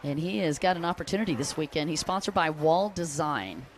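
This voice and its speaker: A woman's voice: low-pitched, lively intonation, fairly quick, slight background noise. A woman announcing a jet ski race live, chatty and upbeat, joking with the crowd. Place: outdoor race venue by the water.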